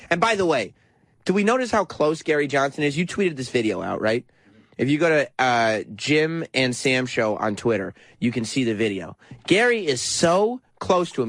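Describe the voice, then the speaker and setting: A man hosting a talk radio show, recapping a clip in a mocking, animated way with frequent laughs. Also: fairly high pitch, no echo. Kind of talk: casual talk radio commentary.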